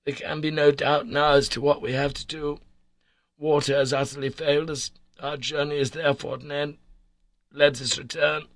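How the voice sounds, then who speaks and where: A man's voice: fairly high pitch, level tone, normal speed, fairly bright tone, no room sound, voice pushed up. A man voicing a desperate young explorer. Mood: urgent. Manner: pleading and vehement.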